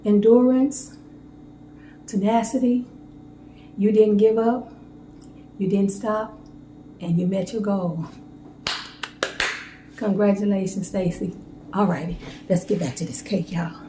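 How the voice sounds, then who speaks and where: A woman chatting warmly to viewers as she bakes a cake in her home kitchen. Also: medium pitch, steady tone, takes it slowly, pauses often, roomy sound, background noise. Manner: chatty, heartfelt, talks straight to viewers. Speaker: home baking vlogger. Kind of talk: casual cooking demo chat.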